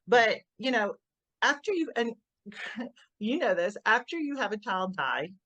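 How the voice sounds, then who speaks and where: A middle-aged woman, a grieving mother, giving an emotional personal account in an interview, often halting and repeating words as she restarts. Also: on the high side, animated, a bit bright, no echo.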